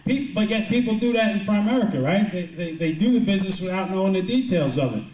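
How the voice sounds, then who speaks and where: A man's voice: high voice, expressive, fast talker, darkish tone. A middle-aged man giving a rambling, joking motivational talk to a business audience. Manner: joking, rambling storyteller with many restarts. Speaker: motivational speaker. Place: large event hall with a live audience. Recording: roomy, distant hall mic with crowd laughter.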